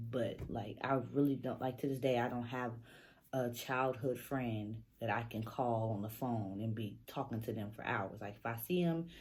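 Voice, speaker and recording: A woman's voice: a bass voice, a little hiss or hum. A young adult woman from Northern California telling a casual story in a laid-back, profane, rambling way, full of fillers. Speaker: vlogger.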